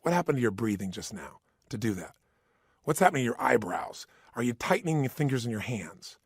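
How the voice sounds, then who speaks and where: A man's voice: mid-range voice, sing-song, brisk, husky, no echo, studio quality. A man giving an emphatic motivational talk, acting out the voices in people's heads. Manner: emphatic, acts out inner voices. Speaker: motivational speaker.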